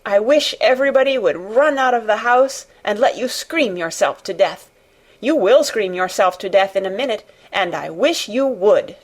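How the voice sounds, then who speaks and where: A woman's voice: fairly high pitch, expressive, measured pace, few pauses, slightly rough. A woman voicing a fierce, scolding little girl in an audiobook reading. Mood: furious. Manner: scolding, commanding. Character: furious bossy little girl, fierce and stamping.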